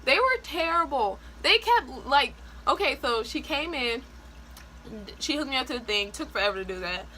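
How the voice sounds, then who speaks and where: A woman vlogger telling a personal story in a casual, animated way, full of "like" and quick laughs. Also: high voice, a little hiss or hum, poor audio. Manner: chatty, animated, frequent "like" and laughs.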